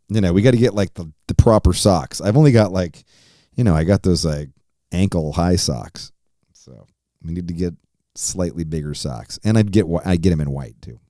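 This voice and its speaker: On his solo podcast, a forties-aged man talks casually and meanders, swearing and laughing a lot. He has a low, dark voice, captured in a clean, dry studio recording.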